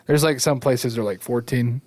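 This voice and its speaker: A man's voice: mid-range voice, steady tone, moderate pace, darkish tone, no room sound. A young American man hosting a casual chat, asking curious questions. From United States. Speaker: podcast host.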